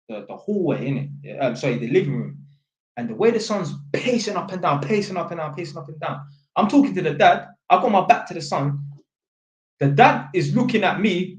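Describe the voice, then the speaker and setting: A man, an electrician telling a long, slangy, rambling story for his vlog, full of fillers and restarts. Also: fairly high pitch. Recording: roomy echo.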